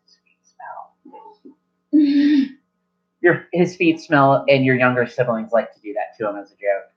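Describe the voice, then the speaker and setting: A man's voice: mid-range voice, expressive, a little fast. A man narrating as game master at a tabletop game, rambling and correcting himself as he goes, in a lo-fi recording.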